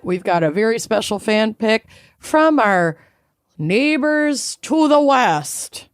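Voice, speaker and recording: A woman's voice: on the high side, very animated, slow pace, dry recording, soft background music. A woman, co-hosting a podcast in playful, rambling casual chat. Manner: chatty, playful, rambling stories. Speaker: podcast co-host.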